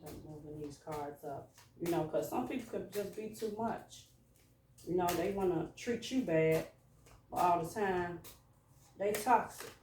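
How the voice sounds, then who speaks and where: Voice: medium pitch, unhurried, a little mellow, distant mic. Informal tarot reader, loose and musing, recorded in a room with echo and faint background hiss. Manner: musing, informal, talks to a collective audience. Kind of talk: casual spoken tarot reading. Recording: echoey room, voice away from mic.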